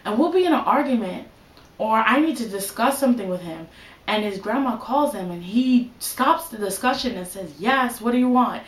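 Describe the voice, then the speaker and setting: A woman's voice: on the high side, expressive, moderate pace. Chatty young woman vlogging in an echoey room. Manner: chatty, filler-heavy, full of "like" and "you know". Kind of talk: casual advice vlog.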